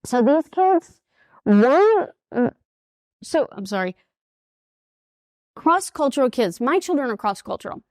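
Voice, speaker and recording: A woman in her fifties with an East Texas accent gives a lively talk to an audience. Her voice sits a little high, and the sound is close and dry. She acts out the voices in her stories as she tells them. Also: unhurried, pauses often, no room sound. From United States. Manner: lively storyteller who acts out quoted voices. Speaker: speaker at an international school.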